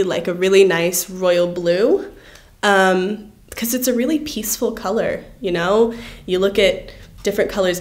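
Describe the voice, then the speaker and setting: A young woman talking in a personal interview, reflective and thoughtful, with frequent "um" and "like" fillers. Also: mid-range voice. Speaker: award honoree.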